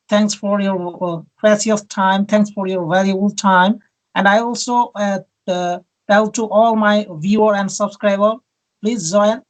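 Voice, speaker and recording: A host interviewing guests on a video call, speaking polite, grateful, halting English with many fillers, as a non-native speaker. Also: mid-range voice, poor audio. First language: not English.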